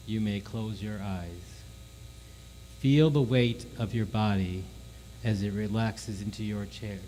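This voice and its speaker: A man leading a church congregation in a slow, calm guided meditation before prayer. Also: on the low side, a little hiss or hum, poor audio. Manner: slow, calm, soothing delivery. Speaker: worship leader.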